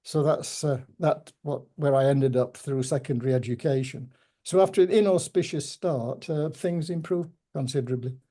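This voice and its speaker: An older man with a Yorkshire accent and open northern vowels speaks in a slightly high, mellow voice. He tells stories in a measured, thoughtful way, with gentle humour. He sounds like a guest settling into a reminiscing conversation. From Yorkshire, England. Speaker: interviewee.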